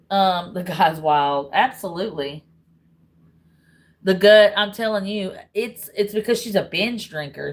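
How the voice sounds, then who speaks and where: A woman's voice: on the low side, low-quality recording. A woman from Tennessee with a Southern accent, chatting bluntly and casually to her livestream viewers and swearing freely. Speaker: livestream host.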